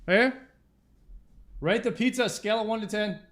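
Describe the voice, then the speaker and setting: A man's voice: sits high, normal speed, a bit bright. A man chatting on a reaction stream, with a voice that sits well above the usual for men. He rambles, stumbles over his words and pokes fun at himself. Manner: rambling, self-mocking, stumbling. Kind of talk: casual chat.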